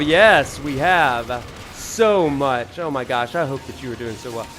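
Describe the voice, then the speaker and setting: A man's voice: mid-range voice, lively intonation, unhurried, hardly any pauses, a bit bright, slight background noise. A man with a Southern US drawl hosting a live gameplay stream, greeting chat viewers with enthusiasm. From Alabama, USA. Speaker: streamer and professor. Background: faint game music.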